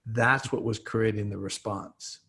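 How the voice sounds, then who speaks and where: A man's voice: lowish voice, fairly even intonation, measured pace, pushed and bright. A man, an expert guest on a podcast, explaining trauma through everyday examples. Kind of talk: explanatory interview talk.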